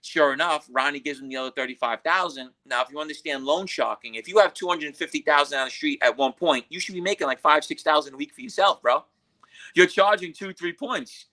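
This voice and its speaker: A man from Queens, telling a story as a podcast guest in a profane, animated way and acting out what others said. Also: on the high side, fairly quick. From Queens, New York. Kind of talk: casual storytelling.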